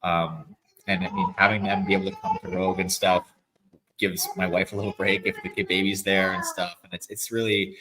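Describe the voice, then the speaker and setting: A man's voice: sits low, a little fast, noisy background. A man in his thirties, a guest athlete, talking casually and rambling in an interview with lots of filler words. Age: 30s. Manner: relaxed, rambling, many "like" fillers.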